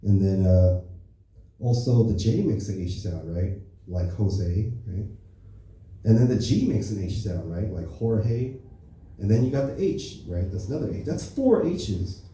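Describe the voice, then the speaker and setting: A man's voice: on the low side, lively intonation, normal speed, mellow. A man doing a casual stand-up set at an open mic, checking in with the crowd as he goes. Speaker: stand-up comedian. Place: comedy club open mic. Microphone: stage microphone. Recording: echoey room from far off.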